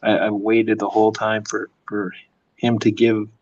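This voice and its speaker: A man's voice: on the low side, completely flat delivery, normal speed, darkish tone, lo-fi sound. A man, a comic artist, chatting casually and telling rambling stories while he draws late at night. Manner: rambling storyteller, lots of fillers. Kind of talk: casual chat while drawing.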